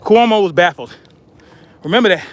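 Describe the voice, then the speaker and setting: Breathless high-voiced man hiking. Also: expressive, moderate pace. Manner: blunt, chatty, addresses viewers as y'all. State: out of breath from hiking uphill with a pack. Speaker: vlogger. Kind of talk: casual monologue while hiking. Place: outdoors on a hiking trail.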